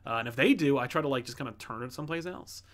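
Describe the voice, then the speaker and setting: A man's voice: mid-range voice, very fast, a bit bright. A man hosting a comic book livestream, chatting casually and rambling with lots of fillers while he reads out viewer messages. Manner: rambling, many fillers and restarts.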